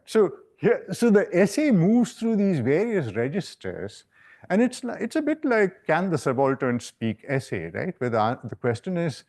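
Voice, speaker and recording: A man's voice: on the high side, darkish tone. A man giving an academic lecture, a professor talking in a discursive way and often checking in with "right?". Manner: discursive, frequent "right?" tags. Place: lecture hall.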